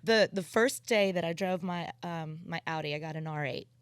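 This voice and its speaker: A woman guest on a podcast, telling a story excitably and swearing freely. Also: on the low side, normal speed, clean tone, no room sound. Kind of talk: casual chat.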